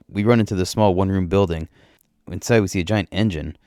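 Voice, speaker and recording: A man narrating a story in the first person, in a plain, steady way. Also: low voice, fast, clean tone, no room sound, studio quality.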